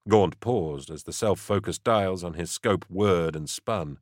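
A man narrating an audiobook in steady, even storytelling. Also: sits low, moderate pace, no room sound, studio quality.

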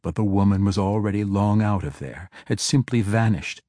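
A man narrating a fantasy novel in a measured, steady reading. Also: fairly low pitch, no room sound, studio quality. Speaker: audiobook narrator.

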